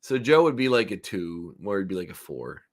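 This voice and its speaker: A man's voice: sits low, sing-song, a little fast. A man co-hosting a podcast in casual chat. He recaps in a rambling way with many fillers. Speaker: podcast co-host.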